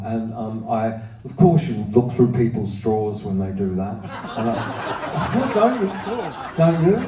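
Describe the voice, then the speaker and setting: A man's voice: mid-range voice, animated, unhurried, mellow, far from the mic, slight background noise. A man in his seventies, a singer-songwriter performing live, telling rambling, profane, self-mocking stories between songs in a sold-out music hall. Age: 70s. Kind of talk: onstage storytelling between songs. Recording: roomy hall sound from the audience area. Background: acoustic guitar and audience.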